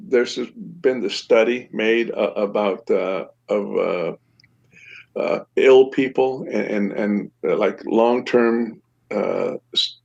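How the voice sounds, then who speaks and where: An older man telling a personal story in a casual, halting way, full of fillers and restarts, with wry laughs. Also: mid-range voice, vocal fry. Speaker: podcast guest recounting a shootout. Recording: dull lo-fi sound.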